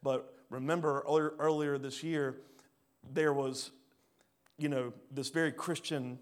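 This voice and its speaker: A pastor preaching a sermon, swinging between loud rising bursts and quiet low drops. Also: male voice, fairly even intonation, unhurried. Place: church hall.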